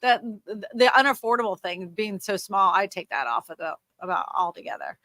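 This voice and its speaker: Bright-voiced woman coaching plainly. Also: mid-range voice, expressive, dry recording. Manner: direct coaching, quick asides. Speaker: co-host giving thumbnail feedback. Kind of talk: casual livestream critique.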